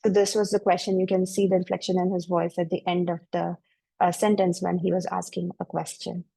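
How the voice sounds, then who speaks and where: A woman presents research in a webinar, steady and explanatory as she moves from slide to slide. Her voice sits fairly low and mellow, with a gravelly edge of fry. The recording is dry and close, with no room sound. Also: no room sound, poor audio. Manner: measured, explanatory, walking through slides.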